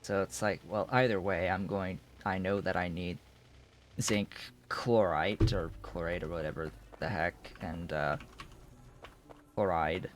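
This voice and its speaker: A man's voice: deep voice, fairly even intonation, unhurried, a little hiss or hum. A man streaming a game, thinking aloud in a rambling way with many restarts. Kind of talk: casual live-stream commentary while playing.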